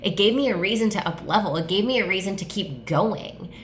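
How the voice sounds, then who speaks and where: A woman who is a tattoo artist and coach hosts her own podcast in a casual solo monologue, rambling effusively, packing sentences with "like," and swearing casually. Her voice is medium-pitched, expressive, and a little fast, recorded in an echoey room with a little hiss or hum.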